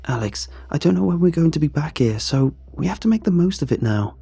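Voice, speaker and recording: A man's voice: fairly high pitch, lively intonation, a little fast, creaky, dark tone, slightly rough, no room sound, voice pushed up, exaggerated voice. A man voicing an insistent teenage girl in a horror story reading. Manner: insistent, matter-of-fact. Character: eager teenage girl, ghost-hunting friend.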